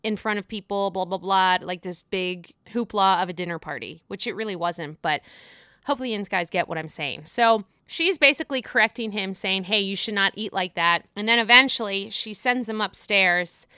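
Young woman vlogger, casual recap, foul-mouthed, clear crisp voice. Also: medium pitch, moderate pace, pushed and bright, no echo, clean studio sound. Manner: chatty, swears freely, acts out quotes.

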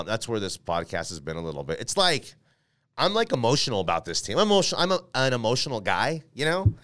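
A man's voice: mid-range voice, huge pitch swings, fast, fairly bright tone, no room sound, clean studio sound. A man hosting a casual sports podcast, rambling and correcting himself with lots of fillers, reading an ad and then talking about his team. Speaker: podcast host. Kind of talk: casual podcast talk with ad read.

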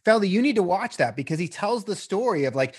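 Man, high voice, co-host, eager and insistent, casual chat. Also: sing-song, quick pace, husky. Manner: enthusiastic, insistent.

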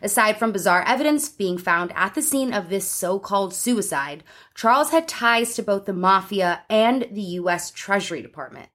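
A woman's voice: medium pitch, expressive, moderate pace, hardly any pauses, fairly bright tone. Giggly woman hosting a podcast. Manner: giggly, laughs often while telling the story. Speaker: podcast host. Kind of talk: casual true-crime podcast chat.

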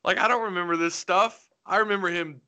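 A man's voice: sits high, brisk, clear, resonant tone. Emphatic Arkansas man hosting a podcast. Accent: Arkansas, mild. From Northwest Arkansas. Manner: animated, emphatic, joking. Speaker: podcast host. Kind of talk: casual sports podcast chat.

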